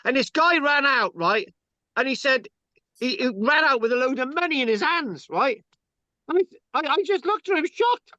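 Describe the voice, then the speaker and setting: A man tells rambling stories, stumbling over his words and checking in with "right?" as he goes. His voice sits high and bright. The sound is dry and dull, like a lo-fi recording. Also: lively intonation, normal speed, no echo. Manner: rambling, stammering, punctuates with "right?". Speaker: channel host. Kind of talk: casual storytelling chat.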